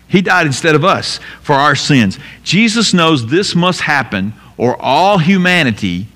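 A pastor giving an emphatic sermon, asking rhetorical questions and repeating key lines. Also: male voice, medium pitch, a bit bright, big-room sound.

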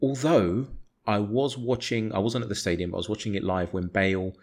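A man's voice: fairly low pitch, brisk, darkish tone. A man argues his case on a casual football podcast. He talks with heat and conviction, swears freely, and keeps pushing his point. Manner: passionate, argumentative, swears freely. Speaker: podcast co-host.

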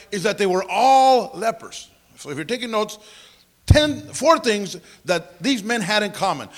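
Male pastor preaching, high voice, very animated pitch, chatty asides, clears throat a lot. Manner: lively preaching, conversational asides. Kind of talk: sermon.

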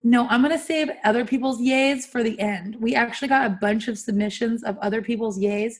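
A young woman from California co-hosts a podcast in a loose, chatty way. Her voice sits a little high, and she laughs easily and swears without a second thought. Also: a little fast. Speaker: podcast co-host. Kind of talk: casual chat.

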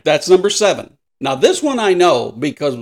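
Casting: older man in his sixties, podcast co-host, upbeat and a bit high-pitched, laughs a lot, bouncy intonation. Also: big pitch swings, normal speed. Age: 60s. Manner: laughs often, acts out voices in anecdotes. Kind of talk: casual podcast chat.

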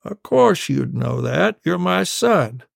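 A man voicing his old father, who tells a boyhood tale in a slow, drawn-out, teasing way. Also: a little high, big pitch swings, creaky, dry recording, clean studio sound, voice pushed up, heavily acted. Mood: amused. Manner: slow, drawn-out, savoring delivery.

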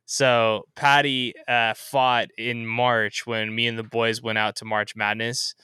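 A man's voice: medium pitch, slow, clean tone, no echo. A young man co-hosting a podcast, telling stories in casual sports chat and peppering them with bro, dude and swearing. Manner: animated storyteller, swears, says bro and dude. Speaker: podcast co-host.

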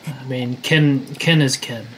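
A player in a tabletop game, speaking gently and hesitantly. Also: mid-range voice, steady tone, slow pace, slight background noise. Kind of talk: casual tabletop play.

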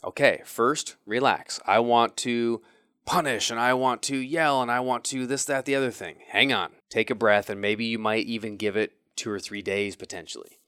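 A man's voice: medium pitch, steady tone, moderate pace, bright, forceful tone, smooth, dry recording, clean studio sound. A man hosting a podcast who talks in an earnest, coaching way, speaking straight to his listeners. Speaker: podcast host. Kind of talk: motivational podcast talk.

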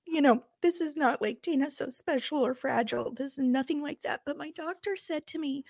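A middle-aged woman co-hosting a podcast, telling a personal story in an emotional, animated way. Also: sits high, normal speed, gravelly, no echo, studio quality. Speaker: podcast co-host. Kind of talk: casual chat.

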